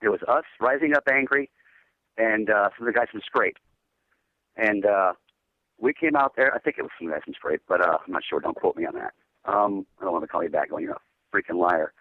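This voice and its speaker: A man's voice: lowish voice, lively intonation, fairly quick, no room sound, narrow, tinny audio. A man, a metal band's singer, chatting casually in an interview and telling rambling laid-back stories full of "dude". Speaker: metal band singer guest.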